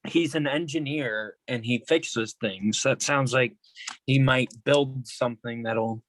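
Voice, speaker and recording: A student on a video call asking a hesitant, halting question in class. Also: male voice, medium pitch, fairly bright tone, a little hiss or hum, low-quality recording.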